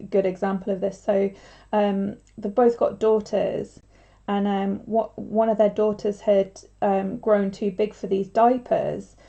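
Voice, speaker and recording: A young woman chats loosely while crafting on a livestream, wandering from thought to thought with plenty of filler words. Her voice sits mid-range and sounds mellow and warm. The recording is dull and lo-fi. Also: medium pitch, level tone, a little slow, vocal fry. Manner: rambling, chatty, full of filler words.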